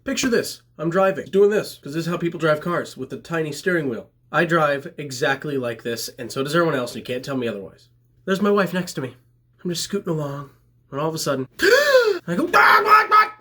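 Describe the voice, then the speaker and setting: Man for a comedic story-time vlog, self-mocking delivery, bright slightly husky voice, highish pitch. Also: quick pace.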